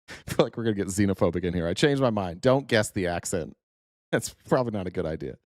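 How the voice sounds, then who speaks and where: Brief: low-voiced man, casual stream host, swears and laughs, dry close mic. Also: animated, fast, dry recording. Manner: profane, laughing, rambling asides. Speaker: streamer host reacting to a video. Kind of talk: casual livestream commentary.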